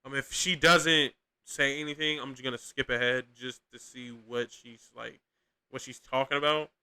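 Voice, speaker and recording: Young dude rambling over clips, lots of slang and cussing, super bright clear voice. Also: male voice, mid-range voice, steady tone, normal speed. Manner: slangy, profane, rambling with frequent restarts. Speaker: podcast host reacting to clips. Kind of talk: casual reaction commentary.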